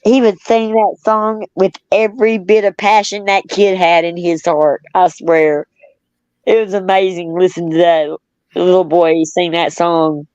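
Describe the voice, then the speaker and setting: A woman's voice: lowish voice, fairly even intonation, measured pace, a little mellow, no echo. A middle-aged woman hosting a casual chat, reminiscing in a rambling way, laughing often, and reading out viewer comments. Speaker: host. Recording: dull, lo-fi.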